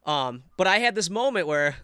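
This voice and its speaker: A man co-hosting a podcast in casual chat, excitable and profane, often acting out quotes. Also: high-pitched, moderate pace, smooth, no room sound. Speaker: podcast co-host.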